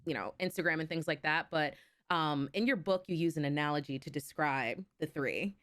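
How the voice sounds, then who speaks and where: Casual woman podcast host, chatty, laughs easily, lowish voice, dry close mic. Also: normal speed, a bit bright, no echo. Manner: chatty, laughs often, many fillers. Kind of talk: casual interview chat.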